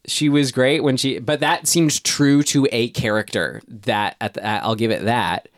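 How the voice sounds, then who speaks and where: A man's voice: medium pitch, fairly even intonation, a little slow, no room sound, studio quality. A man co-hosting a podcast, giving wry film commentary and laughing often. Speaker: podcast co-host. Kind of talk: casual chat.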